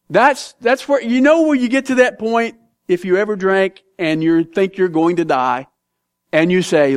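A man preaching a sermon as pastor, animated and joking, with big dramatic swings in pitch and loudness. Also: measured pace, smooth. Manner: reads scripture aloud.

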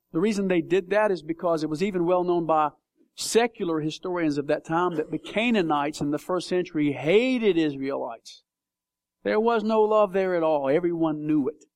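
Male pastor, high-pitched, dry close sound, animated sermon storyteller. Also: a little fast, no room sound. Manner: animated storytelling, acts out voices.

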